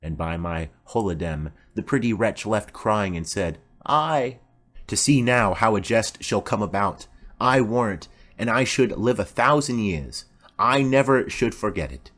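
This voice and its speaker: A man's voice: fairly low pitch, animated, unhurried, fairly bright tone. A man voicing a chatty, rambling old female nurse in an audiobook play reading. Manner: rambling, garrulous.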